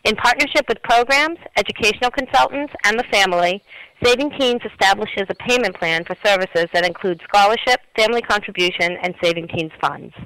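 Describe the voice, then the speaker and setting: Bright, high male announcer. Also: brisk, no room sound, low-quality recording. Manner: smooth, polished delivery. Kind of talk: read charity announcement.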